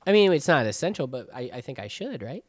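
A man co-hosting a casual podcast chat, animated and swearing freely, with lots of restarts. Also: mid-range voice, fast, dry recording, clean studio sound. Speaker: podcast co-host. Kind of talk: casual chat about anime.

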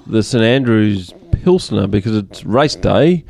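Gravelly lively man. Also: on the low side, unhurried. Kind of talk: casual chat.

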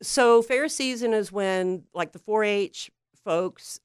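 Smooth, dry-sounding woman guest on radio. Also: medium pitch, takes it slowly, no echo. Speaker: guest, sausage company sales consultant. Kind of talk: radio talk show guest chat. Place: radio studio.

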